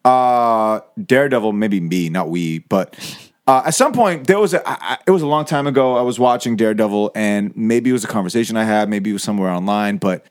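A man on a podcast panel who reacts eagerly and speaks with excited enthusiasm. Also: lowish voice. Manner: excited, quick-reacting banter. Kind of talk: casual podcast chat.

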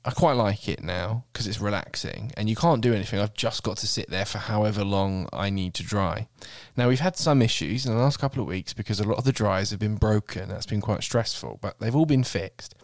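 A man's voice: lowish voice, brisk, no room sound, clean studio sound. A man, a podcast co-host, telling a comic story in a sweary, mock-exasperated way. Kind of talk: casual comedic storytelling.

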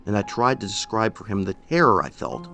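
Male audiobook narrator, low and gravelly, lively intonation, measured delivery. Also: faint music behind. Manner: measured, expressive storytelling. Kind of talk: first-person story narration.

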